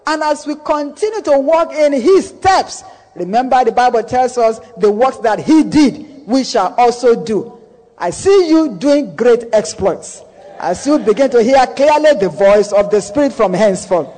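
A man's voice: very high voice, lively intonation, a little slow, dark tone. A male pastor preaching a sermon, repeating key phrases for emphasis and declaring blessings over the congregation. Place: large church hall. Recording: long hall reverb, live church sermon.

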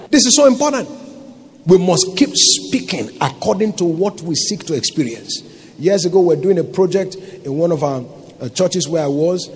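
A man's voice: sits high, animated, normal speed, a little hiss or hum. A Nigerian man, a pastor, preaching a sermon and often asking his congregation rhetorical questions.

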